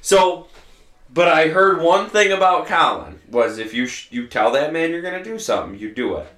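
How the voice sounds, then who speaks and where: A man's voice: a little high, normal speed. A man hosting a farming podcast, telling stories in a casual, swear-heavy way. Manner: profane, animated storyteller. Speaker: podcast host and farmer. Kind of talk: casual storytelling chat. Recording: roomy echo.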